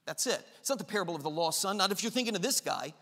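A man's voice: high voice, animated, very fast, bright, forceful tone, in a large hall. A man preaching a sermon, impassioned, who acts out the father's lines with rising intensity. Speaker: pastor.

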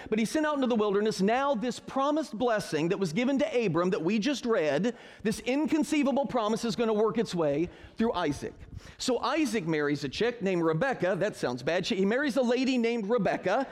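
A man teaching a Bible story to a group in a joking, sarcastic way. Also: high-pitched. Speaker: pastor. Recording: reverberant hall.

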